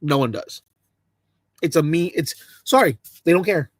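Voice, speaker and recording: A man's voice: fairly high pitch, lively intonation, moderate pace, no echo. A man ranting sarcastically to camera, mocking and repeating himself in bursts. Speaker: commentator.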